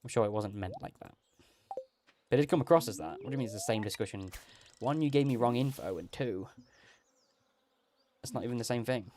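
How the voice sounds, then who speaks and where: A man's voice: mid-range voice, brisk, long pauses, noisy background. Chatty male game streamer. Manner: rambling, chatty, laughs often, reads out chat. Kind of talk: casual live-stream chat.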